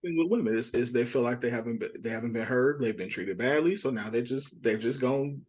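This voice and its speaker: A man's voice: medium pitch, fast, breathy edge, dull audio. A man giving earnest, reasoned answers as a podcast guest, repeating his starts as he thinks.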